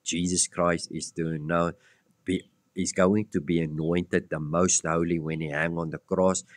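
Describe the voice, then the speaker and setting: A man's voice: low-pitched, little pitch movement, a little slow, no echo, studio quality. A man preaching an expository sermon, blunt and emphatic, who addresses his listeners directly and presses them with rhetorical questions. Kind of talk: expository Bible-teaching sermon.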